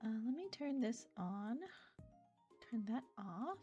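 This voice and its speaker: A woman's voice: on the high side, very animated, takes it slowly, warm tone, muffled recording, faint music behind. A young woman streaming live, chatting casually with her viewers and reading out their messages between bursts of giggling. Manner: chatty, reads chat aloud, giggly.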